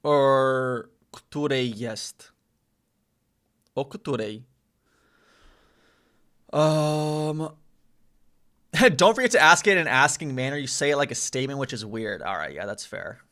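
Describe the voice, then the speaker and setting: Slow and full of long pauses, this man's medium-pitched voice has lively intonation and a slightly bright quality. He's an American working through a language on a casual live stream, reasoning out loud, repeating phrases, and catching his own errors.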